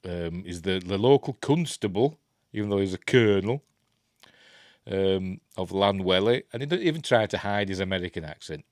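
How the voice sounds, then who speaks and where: Yorkshire male host, lowish voice, dry close sound, rambling casual film chat. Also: lively intonation, normal speed, no echo. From Yorkshire, England. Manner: rambling, self-deprecating, mutters to himself. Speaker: host reviewing films.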